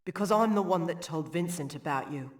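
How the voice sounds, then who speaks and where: A man's voice: fairly high pitch, brisk, natural voice. An actor voicing a timid, eager young boy in a video game cutscene. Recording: game audio in an echoey hall.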